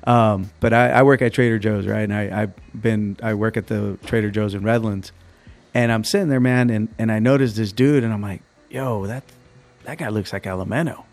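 A man's voice: fairly low pitch, fairly even intonation, brisk, darkish tone. A young adult man hosting a podcast, telling stories in a laid-back way with lots of fillers, his voice cracking now and then. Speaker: podcast host. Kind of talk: casual interview chat.

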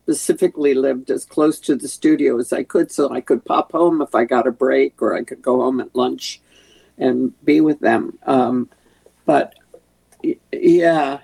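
Older actress, gravelly voice. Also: female voice, very deep voice, unhurried. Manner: warm, rambling, many restarts. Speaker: actress guest. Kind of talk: casual interview chat.

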